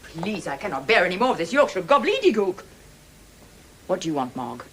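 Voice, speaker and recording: A woman's voice: lowish voice, very animated, a little fast, a little hiss or hum. An actress playing a prim, easily exasperated woman who runs a mental hospital, in a sitcom. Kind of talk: 1980s sitcom acting.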